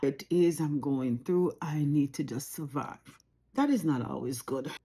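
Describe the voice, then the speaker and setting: Jamaican woman, forties, mellow and warm tone, unscripted reflective to-camera talk from home. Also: low voice, animated, a little slow, husky. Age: 40s. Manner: reflective, earnest, repeats phrases for emphasis. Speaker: vlogger.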